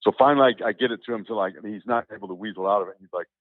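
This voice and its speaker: A man telling a personal story as an interview guest, animated and acting out the dialogue as he goes. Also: fairly low pitch, rapid-fire, no echo. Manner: animated, acts out quoted dialogue, repeats words. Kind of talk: casual spoken storytelling. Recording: tinny, phone-like, dry.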